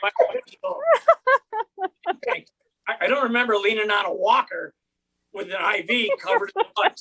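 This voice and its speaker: A man doing stand-up comedy from home, telling a long personal story in a wry, deadpan way and putting on voices for the people in it. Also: high voice, moderate pace, creaky, breathy edge.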